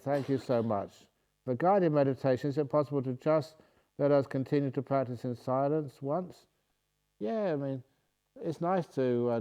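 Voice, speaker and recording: Playful monk answering retreat questions. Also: male voice, medium pitch, dark tone. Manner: humorous, playful, reads questions aloud then answers. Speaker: Buddhist monk and meditation teacher.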